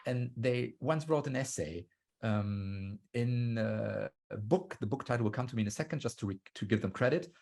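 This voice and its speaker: A man's voice: medium pitch, normal speed, creaky, a little mellow. A man giving a talk on storytelling over a video call, explaining step by step and acting out quoted lines. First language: German. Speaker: guest speaker on storytelling.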